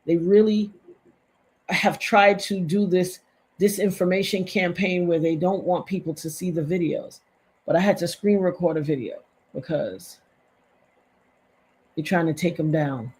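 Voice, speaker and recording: A woman's voice: on the low side, unhurried, pauses often, a little mellow. A middle-aged woman giving impassioned, emphatic live-stream commentary to her chat, repeating points for stress.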